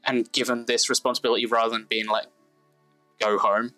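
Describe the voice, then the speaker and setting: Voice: mid-range voice, little pitch movement, fast talker, sharp tone, faint music behind, poor audio. A game master narrating a tabletop game in a casual, meandering, self-deprecating way.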